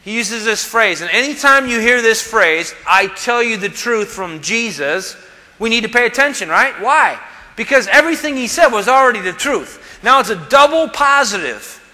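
In a church sanctuary, a male pastor delivers an emphatic sermon in a voice that is high for a man and strikingly bright. Very animated and moderately paced, he acts out the voices he quotes while long hall reverb lingers after each phrase.

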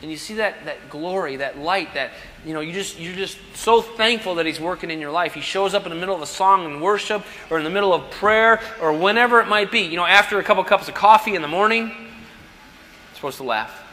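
A man delivers a sermon in a high, bright voice. He talks in a conversational way, asking questions and answering them himself. The sound carries a long reverb from a large hall. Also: quick pace, few pauses. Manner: conversational preaching with rhetorical questions. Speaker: pastor.

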